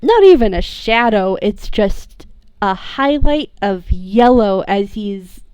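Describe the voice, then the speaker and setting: A woman playing a tabletop game, describing her character in a halting, giggly way. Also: mid-range voice, animated, a little mellow, smooth, no room sound. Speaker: player. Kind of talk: tabletop role-play chat.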